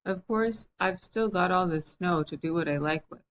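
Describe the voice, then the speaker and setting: A woman's voice: fairly low pitch, normal speed, slight background noise, close to an everyday voice. A woman voicing a gloomy old male donkey who grumbles in a melancholy way while reading a storybook aloud.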